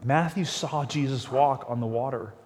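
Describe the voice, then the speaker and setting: A male pastor preaching a sermon, telling the story with animated, acted-out quotes. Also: mid-range voice, moderate pace, long reverb tail, slight background noise.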